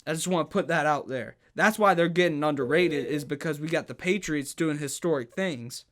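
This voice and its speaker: A man co-hosting a sports podcast in a casual, heated way. His voice sits high for a man, and he stumbles and restarts his sentences as he presses his points. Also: fairly quick, fairly bright tone. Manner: heated and emphatic, stutters and restarts.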